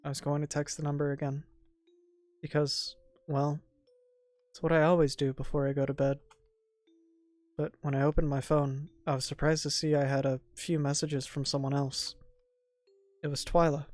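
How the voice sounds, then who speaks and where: A voice actor voicing a lonely, hurt young woman who narrates her day softly in a visual novel dub. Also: medium pitch, little pitch movement, normal speed, long pauses, dry recording, soft background music, lightly acted. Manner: soft, quiet, subdued narration.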